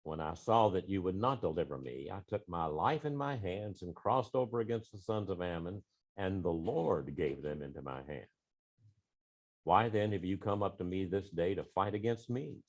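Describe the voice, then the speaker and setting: Deep-voiced man reading scripture aloud. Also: normal speed. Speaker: class member reading scripture. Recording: dull, muffled room recording.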